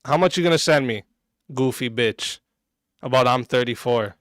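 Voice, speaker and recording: A man's voice: mid-range voice, normal speed, dry recording. A man streaming live, reacting to chat in a crude, combative, mocking way. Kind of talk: livestream commentary.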